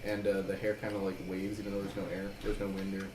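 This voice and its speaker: A man with a lowish voice rambles through his character's description with many fillers. The room is echoey. Background noise is clearly heard. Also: monotone, quick pace, a little mellow. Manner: rambling, many likes and ums. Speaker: player. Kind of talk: casual tabletop chat.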